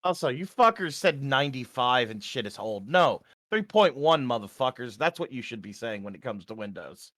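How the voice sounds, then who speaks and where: A man playing in a tabletop game, chatting casually, swearing freely and thinking out loud. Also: mid-range voice, animated, normal speed, hardly any pauses, no room sound. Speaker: player.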